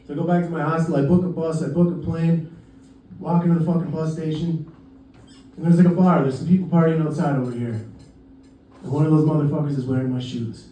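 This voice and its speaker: A man's voice: a little high, fast talker, warm tone, a little hiss or hum. A young man doing stand-up, telling a profane, laid-back travel story with acted-out quotes. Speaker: stand-up comedian. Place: comedy club stage. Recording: roomy club sound from a distance.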